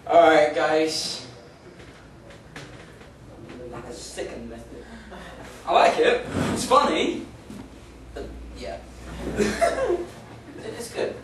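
A man's voice: on the high side, huge pitch swings, drawn-out words, long pauses. A young man from England compèring a live comedy night in a pub, joking with and teasing the crowd. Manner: jokey, self-mocking, banters with the crowd. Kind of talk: stand-up compèring. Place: pub function room, live audience. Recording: echoey room from far off. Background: room noise, crowd murmur.

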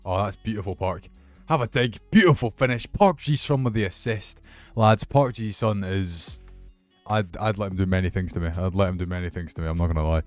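A young man commentating his football video game with excitable, sweary banter. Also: low voice, brisk, dry recording, soft background music. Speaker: gaming YouTuber. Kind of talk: casual gameplay commentary.

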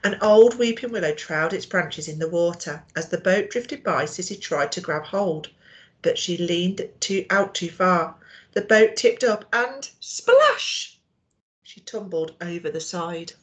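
A woman teacher reading a storybook aloud to young children, expressive and asking them questions. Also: lowish voice, a little slow.

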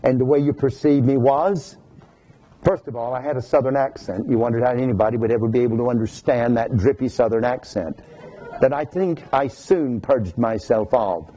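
A man's voice: mid-range voice, moderate pace, warm tone, breathy edge, poor audio. A male pastor preaching a sermon, reading scripture aloud in a formal cadence and breaking into folksy asides to his congregation.

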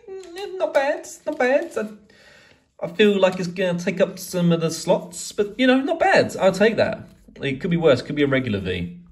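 A man chatting casually as he opens card packs, swearing and rambling excitedly. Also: medium pitch. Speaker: card collecting YouTuber. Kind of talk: casual pack-opening vlog.

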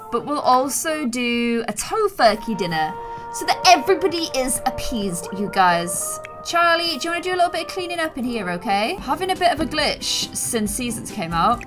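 A young woman hosting a gameplay video, chatting excitably and gasping at surprises. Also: high voice. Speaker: let's play host. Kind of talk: gameplay commentary.

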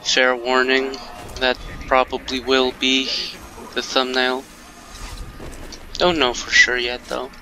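A man's voice: mid-range voice, flat delivery, slow pace, long pauses, bright, forceful tone, slight background noise, poor audio. A man giving casual let's-play commentary, joking around and taunting the enemies on screen. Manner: playful, jokey, taunts game enemies. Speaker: gameplay commentator. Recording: game music under voice. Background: game music.

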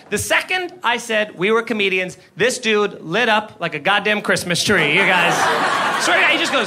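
Very high-voiced male stand-up comic. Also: brisk. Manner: animated, self-deprecating, exasperated storytelling. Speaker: stand-up comedian. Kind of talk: stand-up comedy set. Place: comedy club stage, indoors. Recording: live club with ambient crowd noise.

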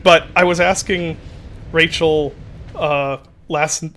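A man streaming a game, with an unusual, odd-sounding voice that sits a little high and rings bright. He rambles in a self-deprecating way and breaks off to exclaim at his in-game mishaps. Light background noise sits behind him. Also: fairly even intonation, slow pace. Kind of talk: casual chat while playing a game.

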